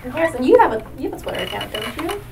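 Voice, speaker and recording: A woman's voice: high voice, big pitch swings, rapid-fire, creaky, roomy sound, recorded from a distance, noisy background. A woman hosting a podcast in casual chat, laughing often as she talks. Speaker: podcast host.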